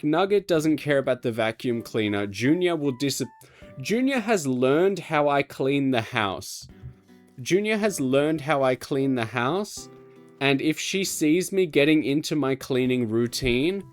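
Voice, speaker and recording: A man streaming a video game from home, chatting casually and fondly talking to his cat between rambling, self-mocking asides. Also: medium pitch. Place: home room.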